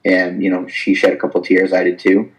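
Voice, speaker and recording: A man in his thirties with a very low voice tells his story in a relaxed interview. He talks about his fighting career in an animated way and acts out the conversations he recounts. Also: a little fast, low-quality recording. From United States. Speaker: professional fighter.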